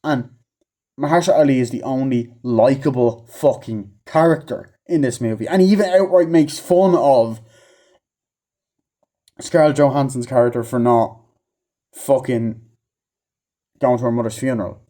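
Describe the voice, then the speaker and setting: Mellow-voiced man ranting in a profane review. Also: mid-range voice, normal speed, pauses often. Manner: profane, rambling, acts out characters' lines in a raised voice. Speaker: movie reviewer. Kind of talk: casual rambling movie review.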